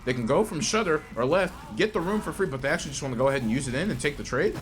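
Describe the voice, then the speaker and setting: A man casting a live esports match, excitable and joking, with lots of slang and repetition. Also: a little high, racing, a little hiss or hum. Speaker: esports caster. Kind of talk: live play-by-play commentary.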